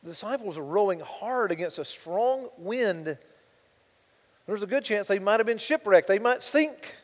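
High-voiced preacher man in a reverberant hall. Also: lively intonation, moderate pace. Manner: swings from hushed asides to loud impassioned preaching; reads scripture aloud with rising intensity. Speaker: pastor. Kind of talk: sermon.

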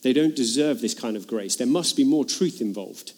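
A man's voice: mid-range voice, animated, moderate pace, a little mellow. A man preaching a sermon, earnest and emphatic, retelling a parable with dramatic rises in his voice.

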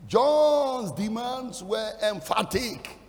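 Fiery high-voiced preacher in a ringing hall. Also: male voice, expressive, very slow. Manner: emphatic, rising into shouted declarations. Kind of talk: sermon.

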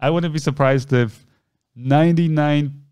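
A man's voice: a little high, unhurried, clean tone, dry recording, clean studio sound. A man co-hosting a podcast, telling a story in a casual chat and acting out the people in it. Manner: animated storyteller acting out quoted voices. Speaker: podcast co-host.

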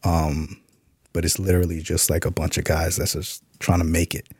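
A man's voice: sits low, level tone, normal speed, darkish tone, breathy edge, no echo. A man being interviewed on a podcast, telling a story in a laid-back way and swearing casually. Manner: laid-back, profane, full of "you know what I'm saying". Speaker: podcast guest, author and Army veteran.

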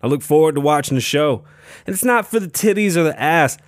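A man's voice: on the high side, lively intonation, fairly quick, no echo, studio quality. A young man from Las Vegas hosting his own podcast, chatting casually and loosely, swearing freely and rambling with lots of fillers and restarts. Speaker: podcast host. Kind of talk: casual solo podcast chat.

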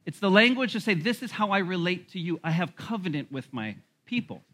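A male pastor giving a lively sermon, with laughs and quick asides. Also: sits high. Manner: animated preaching with laughs and asides.

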